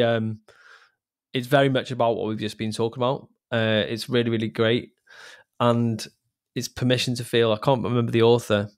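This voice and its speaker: A man co-hosting a casual podcast, his mid-range voice wandering through long, candid thoughts. He restarts sentences often and swears offhandedly while talking openly about feelings. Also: medium pitch. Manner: rambling, emotional, swears casually. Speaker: podcast co-host. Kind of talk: casual chat.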